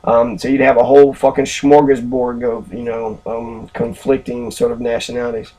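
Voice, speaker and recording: A man's voice: mid-range voice, monotone, moderate pace, warm tone. A man ranting about history in an angry, heavily profane way, with many filler ums. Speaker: history commentator.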